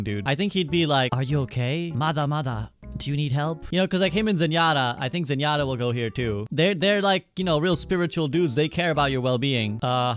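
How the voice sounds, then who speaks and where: A male streamer giving casual tier-list commentary, chatty and rambling, often correcting himself. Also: a little high.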